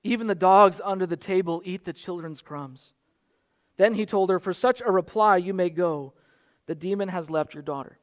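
A man's voice: sits high, moderate pace. A man in his thirties, a pastor, preaching a sermon in an earnest manner that builds to fervent exhortation.

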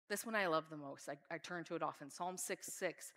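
A woman's voice: lowish voice, normal speed, a bit bright. A woman preaching a sermon in an earnest, heartfelt way. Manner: earnest, reads scripture aloud with feeling.

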